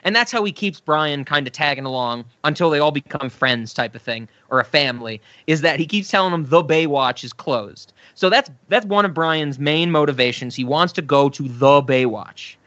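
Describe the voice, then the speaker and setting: A man's voice: a little high, animated, moderate pace, hardly any pauses, fairly bright tone, dry recording, muffled recording. A man co-hosting a podcast in casual chat, laughing often and rambling off on tangents. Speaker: podcast co-host.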